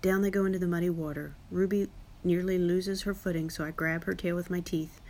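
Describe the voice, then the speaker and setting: A woman narrating a children's audiobook in a lively, wry first-person style, giving each character a voice. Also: lowish voice, fairly quick. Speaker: audiobook reader.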